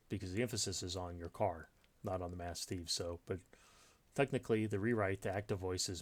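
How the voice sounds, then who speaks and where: Low-voiced man teaching grammar. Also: steady tone, a little fast. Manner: unscripted, thinking aloud with many fillers and restarts. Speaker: writing teacher. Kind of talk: explaining grammar in a recorded lesson.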